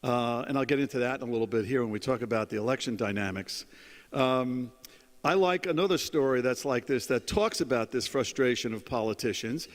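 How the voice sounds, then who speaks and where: A man's voice: medium pitch, fairly quick, in a large hall. A middle-aged man giving a keynote, telling anecdotes with many ums and uhs. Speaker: keynote speaker. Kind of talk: after-dinner keynote with anecdotes. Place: conference hall.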